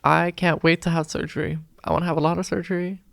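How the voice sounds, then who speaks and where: A woman's voice: level tone, fast, creaky, no echo, clean studio sound. A woman co-hosting a podcast in casual chat, giggly and chatty. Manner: giggly and chatty, with jumpy pitch. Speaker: podcast co-host.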